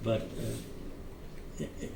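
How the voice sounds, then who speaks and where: An older man telling his memories in an oral history interview, halting with many fillers and restarts, chuckling now and then. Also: dark tone. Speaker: veteran interviewee. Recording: echoey room, distant mic, faint noise.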